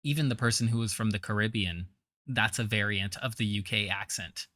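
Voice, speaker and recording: A man's voice: fairly low pitch, a little fast, sharp tone, no echo. A man giving blunt, scornful reaction commentary, with a trained singer's voice.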